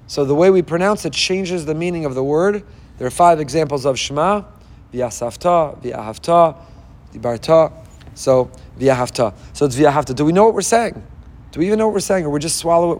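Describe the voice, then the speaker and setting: A man's voice: a little high, darkish tone. A man giving an impassioned sermon as a rabbi, firing off rhetorical questions and weaving in Hebrew phrases. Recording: long hall reverb.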